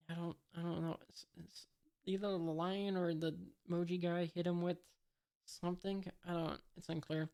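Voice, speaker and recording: A woman's voice: on the low side, flat delivery, normal speed, warm tone. A woman casually reading a comic aloud, hesitant with many fillers and unsure asides. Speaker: comic reader.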